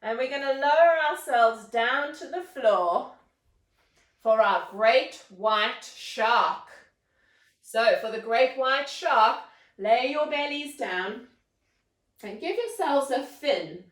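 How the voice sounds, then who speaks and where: A woman leads a children's yoga class in an unhurried, playful storytelling voice. Her voice sits a touch high, with gentle coaxing instructions. She sounds roomy and a little distant from the mic. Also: expressive. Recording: roomy echo, mic set far off.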